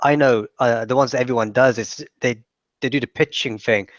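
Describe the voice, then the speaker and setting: A man's voice: mid-range voice, steady tone, a little fast, no echo. Man chatting on dull dry audio. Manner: chatty, rambling, with frequent restarts. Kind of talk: casual conversation.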